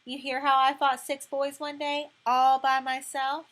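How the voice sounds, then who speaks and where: A woman's voice: high-pitched, little pitch movement, unhurried, fairly bright tone, voice pushed up. A woman reading an audiobook voices a streetwise girl, blunt and bossy, talking slangy and swaggering. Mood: brash, bossy.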